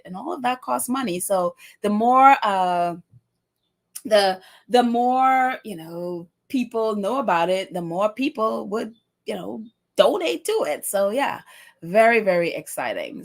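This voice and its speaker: A woman hosting a casual livestream, chatting warmly and reading out viewer comments with many fillers. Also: fairly high pitch. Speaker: livestream host.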